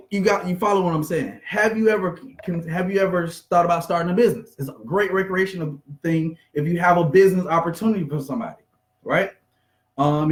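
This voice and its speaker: A man giving an energetic, conversational motivational business talk, acting out bits of small talk. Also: high-pitched, roomy sound. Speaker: business coach.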